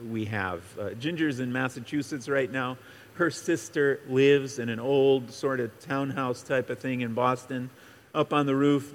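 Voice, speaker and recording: A man explains scripture in an unhurried, conversational sermon, often trailing off and restarting his thoughts. His voice sits in an ordinary middle range. The recording carries a long reverb from a large hall. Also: mid-range voice. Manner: casual, rambling, many fillers and restarts. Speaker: pastor or Bible teacher.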